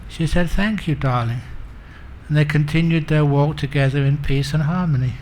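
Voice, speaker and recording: A man's voice: on the high side, little pitch movement, a little fast, dark tone, slight background noise. A man giving a humorous Buddhist dharma talk as a monk teacher, telling stories and acting out the characters. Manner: humorous, self-mocking.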